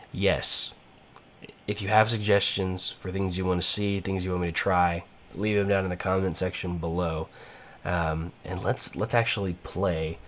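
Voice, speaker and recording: A man's voice: deep voice, a bit bright, a little hiss or hum. A man giving rambling, casual gameplay commentary, full of fillers and restarts. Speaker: gaming channel host.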